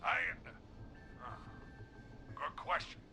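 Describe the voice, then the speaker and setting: An actor playing a nervous man who hides from a killer, hesitant and halting in a video game. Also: sharp tone, faint music behind, full character voice. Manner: hesitant, lots of uhs. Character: jittery man hiding from a killer.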